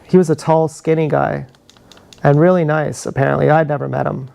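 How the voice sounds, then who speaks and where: Man, gravelly fry, rambling confessional livestream talk, action-camera mic. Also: on the high side, steady tone, fairly quick, darkish tone. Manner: meandering, confessional, laughs at own stories.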